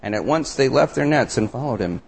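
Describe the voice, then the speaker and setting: A man's voice: mid-range voice, expressive, fairly quick, gravelly, breathy edge. A man preaching a sermon, reading scripture and reflecting on it with earnest, emphatic questions. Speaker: pastor.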